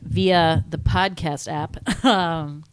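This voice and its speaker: A woman's voice: low voice, fairly even intonation, very slow, noisy background. A young woman co-hosting a podcast, chatting casually and laughing, with lots of "like" in her talk. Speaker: podcast co-host. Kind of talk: casual chat.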